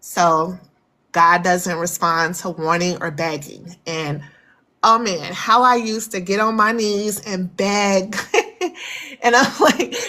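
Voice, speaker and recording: Woman, casual spiritual talk, candid and animated, bright voice. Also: medium pitch. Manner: candid, animated storytelling with laughter.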